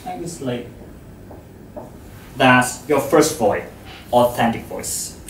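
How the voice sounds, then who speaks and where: A man giving a public talk to an audience about voice, speaking in a slow, measured, expressive way. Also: mid-range voice, slight background noise. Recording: echoey hall, distant mic.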